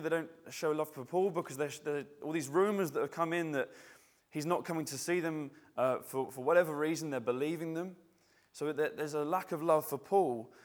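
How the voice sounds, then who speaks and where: Higher-voiced man preaching conversationally. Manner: conversational, reflective, frequent restarts. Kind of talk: sermon.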